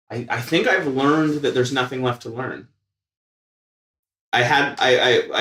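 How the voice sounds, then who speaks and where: Far from the mic in an echoey indoor room, a podcast co-host speaks in a mid-range, fairly bright voice. With just one listener present, he chats casually in a dry, jokey, self-deprecating way.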